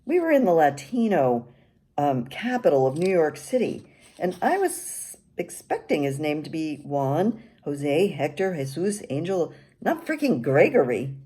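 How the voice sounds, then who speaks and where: Older woman reading her memoir, wry and candid; low, mellow voice. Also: very animated, measured pace, slightly rough.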